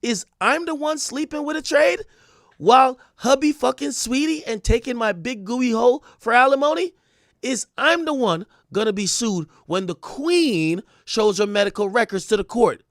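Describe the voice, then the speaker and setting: A man's voice: fairly bright tone, no echo, studio quality, heavily acted. A man doing a haughty female rap star. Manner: high, mocking impression read aloud.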